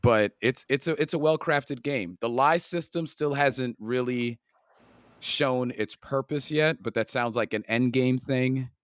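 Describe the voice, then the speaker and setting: A man's voice: medium pitch, measured pace, no echo. A man co-hosting a gaming podcast, talking casually in a rambling way and often stumbling over his words. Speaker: podcast co-host. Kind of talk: casual chat.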